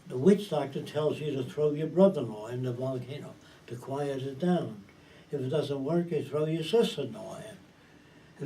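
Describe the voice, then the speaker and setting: Man lecturing a small group, blunt and swearing, keeps asking if you get it, very dark voice, mic far off with faint hiss. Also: mid-range voice. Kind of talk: informal talk to a small group.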